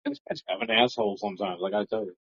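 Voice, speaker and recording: A man co-hosting a casual book chat podcast, joking and rambling with big swings in pitch. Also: sing-song, rapid-fire, a bit bright, husky. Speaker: podcast co-host. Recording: dull lo-fi home podcast audio.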